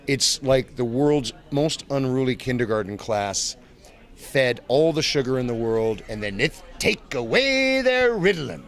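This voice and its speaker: A man with a hugely animated voice, swooping up and down as he talks. He is a convention guest and talks manically, jumping without warning into silly voices. It sounds like a live recording made at the convention. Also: mid-range voice, unhurried. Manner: manic, jumps into silly voices mid-sentence. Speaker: voice actor guest. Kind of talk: convention interview.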